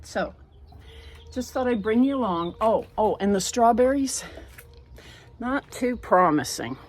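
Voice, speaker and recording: A woman's voice: on the high side, lively intonation, a little slow. Chatty older woman on a backyard walk. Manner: chatty and homespun, talking aloud as she walks. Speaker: home and garden vlogger. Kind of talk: casual walk-through vlog. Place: outdoors in a backyard and on a porch.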